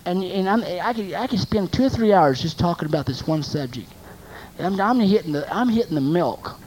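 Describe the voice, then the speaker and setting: A preacher delivering a sermon, asking the congregation rhetorical questions and repeating phrases for emphasis, moving between loud emphasis and soft asides. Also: medium pitch, animated, moderate pace, slight background noise, low-quality recording.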